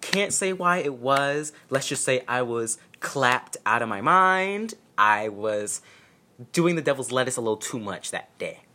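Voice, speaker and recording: Bright-voiced young man telling a story. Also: mid-range voice, animated, measured pace. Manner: candid, profane, self-mocking humor. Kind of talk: casual storytime.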